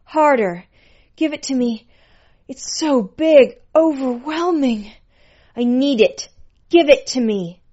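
An eager young woman student in an audio story gasps and pleads in high, loud bursts, as a woman reading puts her on. Her voice sits well above the reader's own and carries a dull, lo-fi recording tone. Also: lively intonation, slow, pauses often, exaggerated voice. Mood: breathless pleading. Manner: breathless, pleading.

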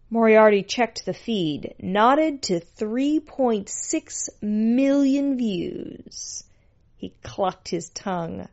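Slow, dry-voiced woman narrator. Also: on the high side, lively intonation, darkish tone, muffled recording. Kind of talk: scripted story narration.

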